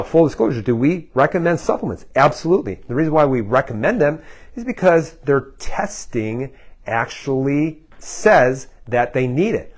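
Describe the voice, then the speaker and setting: A male health practitioner explaining things to camera in a loose, conversational way. He uses plenty of fillers and keeps calling his viewers "guys.". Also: mid-range voice.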